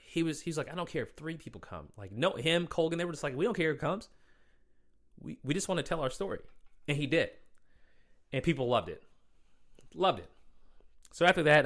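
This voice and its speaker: A man hosting his podcast, telling a story in a casual, animated way, with plenty of slang and restarts. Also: medium pitch. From United States. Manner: animated, slangy, says "man" and "bro" often, many restarts. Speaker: podcast host.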